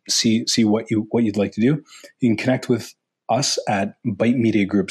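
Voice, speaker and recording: A man appearing as a podcast guest, speaking in a measured way about his work and where to find him. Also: fairly low pitch, breathy edge. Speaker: podcast guest, author and consultant. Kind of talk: casual podcast interview.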